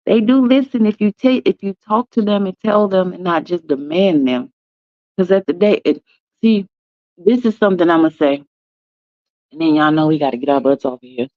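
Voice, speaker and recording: A woman hosts a casual morning chat, talking emphatically with drawn-out stresses and calling her listeners "y'all" and "baby." Her voice is lowish, recorded dry with no room sound and a slightly dull tone.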